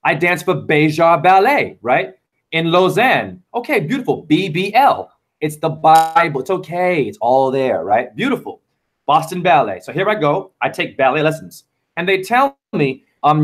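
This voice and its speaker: Fervent rambling man, highish voice. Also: very animated, moderate pace. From United States. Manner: rambling, fervent wordplay monologue. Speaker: guest. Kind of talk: casual chat.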